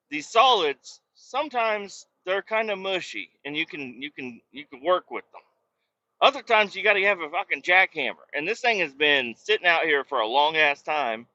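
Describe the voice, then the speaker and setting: A man's voice: medium pitch, pushed and bright, muffled recording. A man hosting his own podcast, rambling casually and profanely from inside a work truck, often breaking off mid-thought. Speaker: podcast host.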